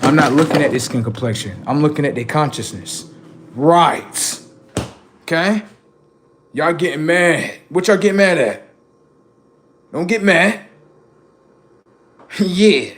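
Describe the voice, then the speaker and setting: A man's voice: a little high, expressive, takes it slowly, pauses often, fairly bright tone, a little hiss or hum. A man hosting a livestream, ranting bluntly and profanely while addressing his audience directly. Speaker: livestream host.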